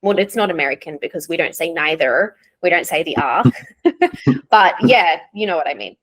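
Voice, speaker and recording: A woman's voice: low voice, animated, normal speed, fairly bright tone. A young woman with an Australian accent, an English teacher chatting candidly in an interview and laughing often. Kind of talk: casual interview chat.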